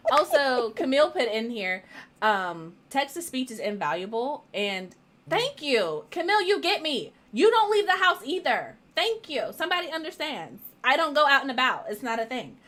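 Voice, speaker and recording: A woman co-hosting a casual writing chat over a video call, playful and animated, laughing often. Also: high-pitched, measured pace.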